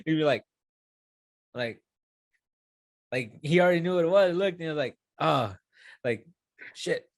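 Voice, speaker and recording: A man's voice: on the high side, fairly quick, long pauses, darkish tone, no room sound. A young man in his twenties talking casually in an interview, rambling with many fillers and restarts and swearing now and then. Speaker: UFC fighter.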